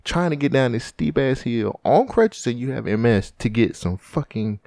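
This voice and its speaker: A man telling a story in casual chat, animated and acting out the voices of the people in it, swearing often. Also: mid-range voice, normal speed, vocal fry, no room sound, studio quality. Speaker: podcast co-host.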